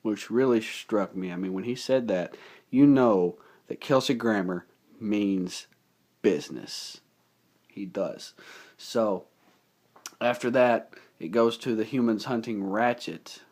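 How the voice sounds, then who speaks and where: A man's voice: fairly low pitch, slow pace, a little mellow. A young man giving a casual, rambling movie recap, enthusiastic and full of fillers. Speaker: movie reviewer.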